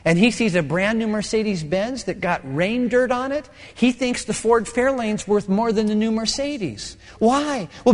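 A middle-aged male pastor preaching a sermon with animated storytelling, acting out voices and quotes. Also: high-pitched, big-room sound.

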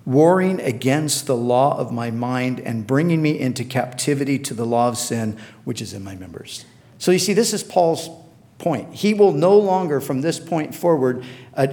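A man preaching a sermon, earnest and emphatic, slowing down to quote scripture and often repeating words as he restarts. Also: medium pitch, a little mellow. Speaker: pastor.

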